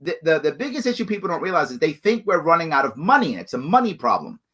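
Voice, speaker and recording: A man's voice: on the high side, fast talker, slightly rough. A man hosting a live show, answering viewer questions in emphatic, repetitive bursts. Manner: emphatic, animated, repeats points for stress. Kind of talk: live call-in style solo talk.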